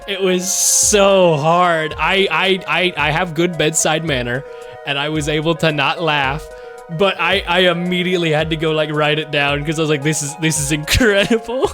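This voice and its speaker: A man in his twenties talks through a game on a livestream in a high, animated voice. He rambles and ranges off topic, quick to rant when something annoys him. Quiet music plays underneath. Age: 20s. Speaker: streamer. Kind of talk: casual livestream commentary while gaming.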